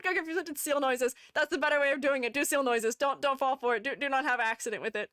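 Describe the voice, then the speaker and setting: A woman streamer chatting casually with her live audience, giggling often and playfully animated. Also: high-pitched, fast, no room sound, clean studio sound. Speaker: streamer and art educator.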